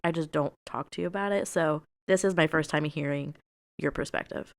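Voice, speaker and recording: A young woman with a low, smooth voice co-hosts a casual podcast. She talks openly and emotionally, full of fillers and restarts. Her voice is recorded close and dry. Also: brisk, no room sound. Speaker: podcast co-host.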